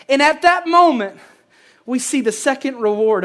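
A pastor preaching a sermon, swinging between loud emphasis and hushed lines and repeating phrases for effect. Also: sits high, expressive, normal speed.

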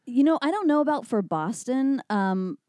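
A woman's voice: sits high, normal speed, smooth, no echo. A young adult woman from Texas with a slight Texas accent, telling stories in a chatty, laughing way in casual conversation. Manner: chatty, laughs often, animated storytelling. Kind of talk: casual chat.

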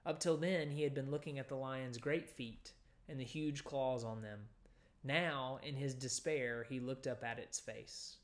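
A man at a mid-range pitch delivers a sermon in an easygoing teaching manner. He explains scripture verse by verse, pausing often with small fillers as he thinks aloud. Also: steady tone. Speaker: pastor.

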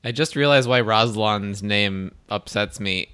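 A man's voice: fairly low pitch, measured pace, bright, forceful tone, clean tone. A man co-hosting a book podcast, adding joking asides and laughing easily. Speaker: podcast co-host. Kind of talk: casual chat.

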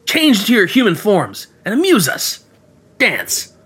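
A man's voice: high-pitched, huge pitch swings, unhurried, a bit bright, husky, pitched above the performer's own voice, exaggerated voice. A man voicing a brutal young gang leader giving commanding threats. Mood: threatening.

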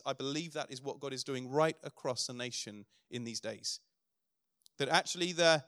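A man's voice: fairly high pitch, fairly bright tone, dry recording, clean studio sound. A middle-aged man preaching a sermon as pastor, earnest, building to emphatic declarations.

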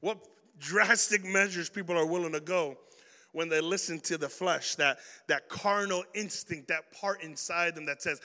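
A young man preaching an energetic youth sermon, telling stories in slang and swinging from loud bursts to hushed points. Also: on the high side, normal speed, long reverb tail. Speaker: youth pastor.

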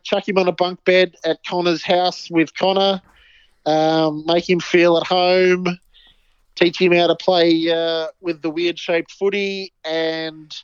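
An Australian man with a high voice chats and cracks jokes as a podcast co-host. The recording is dry and close, with a dull, lo-fi tone. He rambles casually from one thought to the next. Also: clear, resonant tone, no echo. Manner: jokey, rambling banter. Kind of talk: casual chat.

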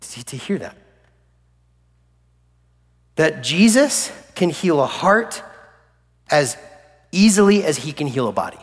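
A man with a slightly high voice preaches a lively, jokey sermon, slipping into little character voices as he tells the story. His words ring out in a church hall with a long trailing reverb. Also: takes it slowly, pauses often. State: recovering from flu. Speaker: pastor.

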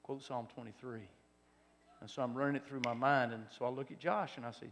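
A man preaches in a gravelly voice, his words ringing with the long reverb of a large hall. He shifts between loud exhortation and hushed, near-whispered passages. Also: medium pitch, fairly quick. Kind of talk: sermon testimony.

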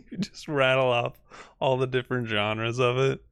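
A man's voice: mid-range voice, normal speed, fairly bright tone, smooth, no echo. Man, podcast co-host, teasing jokey chat, dry close-miked sound. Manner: teasing, jokey, trails off and laughs. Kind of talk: casual chat.

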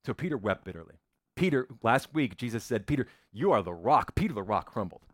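A man preaching a sermon as pastor, dramatic, dropping to a hush and rising again. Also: medium pitch, very animated, a little fast, no echo, studio quality. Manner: dramatic, swings from loud to hushed.

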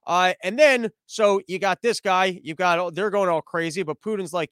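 A man hosting a casual podcast monologue, rambling, profane and animated. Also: sits high, moderate pace, clean tone, no echo. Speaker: podcast host.

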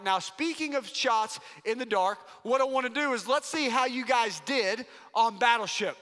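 A male pastor preaching from the stage of a large church, his voice high and bright, ringing with long hall reverb. He delivers the sermon with emphatic, playful energy. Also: moderate pace, hardly any pauses, soft background music.

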